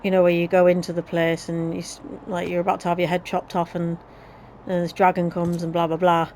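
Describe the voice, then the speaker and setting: A woman's voice: fairly low pitch, monotone, fairly quick, a little mellow, a little hiss or hum, low-quality recording. Chatty Yorkshire woman gaming. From Yorkshire, England. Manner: chatty and rambling, with restarts and British slang. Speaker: let's play gamer. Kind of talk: casual gameplay commentary.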